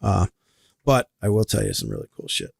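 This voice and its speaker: A man's voice: low-pitched, wildly swooping pitch, brisk, creaky, breathy edge, no echo, studio quality. A man who is an army veteran, a podcast guest talking bluntly and casually and swearing freely. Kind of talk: casual chat. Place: podcast studio.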